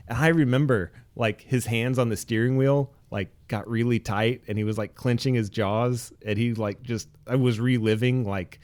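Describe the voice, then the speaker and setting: A young man telling stories in casual chat, animated and swearing freely, his voice jumping high when he quotes himself. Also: normal speed, hardly any pauses. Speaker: podcast co-host.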